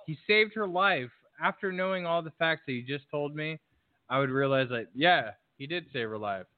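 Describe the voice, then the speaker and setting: A man's voice: on the high side, lively intonation, moderate pace, no room sound. A man talking bluntly and emphatically in a casual discussion, swearing freely. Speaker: podcast guest. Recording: tinny phone-like call audio, dry.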